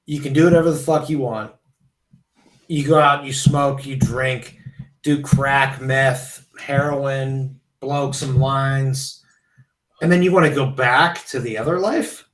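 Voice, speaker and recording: A man's voice: mid-range voice, slow pace, a bit bright. A young man chatting casually as a podcast guest, rambling and laid-back, with some swearing. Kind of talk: casual chat, storytelling. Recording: roomy, from a distance.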